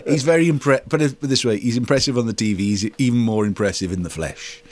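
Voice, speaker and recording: A man's voice: medium pitch, quick pace. A man hosting a podcast, chatting casually and telling stories with enthusiasm. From Wales. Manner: animated, enthusiastic storyteller. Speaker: podcast host. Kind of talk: casual chat.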